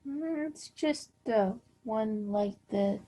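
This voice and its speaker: A woman's voice: fairly high pitch, slow, warm tone, slightly rough. A woman co-presenting a webinar, giving short, plain replies in a role-play demonstration over a video call.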